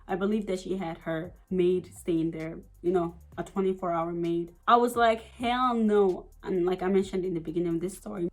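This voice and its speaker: A young woman from the United States telling a personal story in a casual vlog, animated and profane, full of "like" and "you know". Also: lowish voice, poor audio. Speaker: vlogger.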